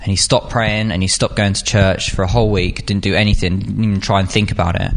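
A man's voice: lowish voice, fast talker, vocal fry. Chatty young man giving a youth talk. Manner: chatty, filler-heavy, animated when acting out scenes. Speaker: youth speaker. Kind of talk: informal sermon.

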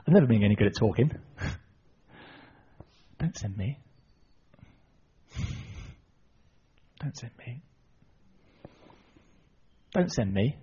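A man voicing Moses as a reluctant, self-doubting ordinary man pleading quietly, husky on a dull recording. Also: lowish voice, expressive, slow, long pauses, voice pushed down, full character voice.

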